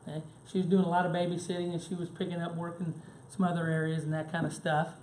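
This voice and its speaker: A man's voice: a little high, completely flat delivery, quick pace, darkish tone. A man giving a conversational business seminar, telling anecdotes and checking in with the audience with frequent "right?" and "okay?". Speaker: seminar presenter. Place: seminar room. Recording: echoey room with faint background noise.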